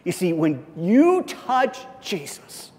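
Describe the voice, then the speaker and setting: A male pastor delivers a sermon with dynamic swings, climbing into loud, high outbursts and then dropping to low, hushed lines. His voice sits a little above the usual male range. Long reverb from the church hall trails after his words. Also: huge pitch swings, takes it slowly, a little hiss or hum.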